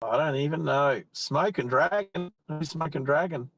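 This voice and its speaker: Soft music plays in the background as a middle-aged Australian live-stream host talks casually from his car, stopped on an outback roadside. His voice is fairly high and a bit bright at a moderate pace, and he rambles, often dropping a thought midway.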